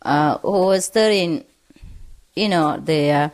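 Speaking slowly in a low, slightly mellow voice, a joke teller performs for an audience. She voices each character's quoted lines and laughs as the punchlines land.

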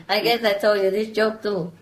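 A woman telling jokes to friends in a relaxed chat. She keeps laughing at her own punchlines. Her delivery is loose and halting, full of restarts. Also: a little high, poor audio. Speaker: joke teller among friends. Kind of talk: casual joke telling.

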